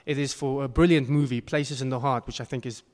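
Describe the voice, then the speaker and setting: A man's voice: medium pitch, steady tone, fairly quick, a little mellow. Earnest man preaching in a reverberant hall. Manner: earnest, rising to emphatic bursts. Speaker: pastor. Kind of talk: sermon.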